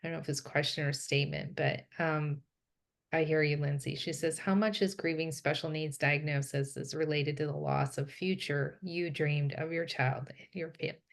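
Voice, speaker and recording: Low, gravelly woman host. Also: steady tone, moderate pace. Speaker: host of a wellness class. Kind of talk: live class chat, reading a viewer question.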